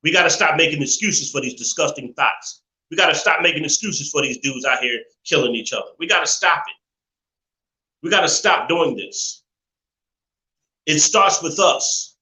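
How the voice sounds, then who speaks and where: Man ranting preachily, bright and echoey. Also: a little high. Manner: preachy, repetitive, emphatic, swears freely. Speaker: live show host. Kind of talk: ranting live-stream monologue. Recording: roomy echo.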